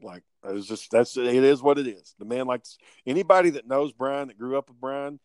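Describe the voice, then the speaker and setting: A man's voice: medium pitch, fairly quick, a little mellow, no echo. A man telling rambling, profane family stories in casual podcast chat.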